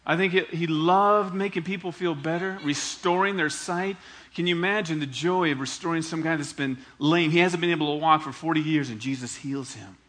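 A man preaching a sermon in a conversational, animated way, asking the congregation for responses and acting out quoted voices with big swings in pitch and loudness. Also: a little fast. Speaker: pastor.

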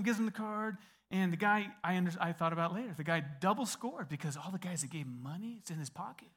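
A middle-aged American man preaching a sermon, telling a story with lively acted-out quotes. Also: sits high. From United States. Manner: animated storyteller, acts out quoted voices. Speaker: pastor.

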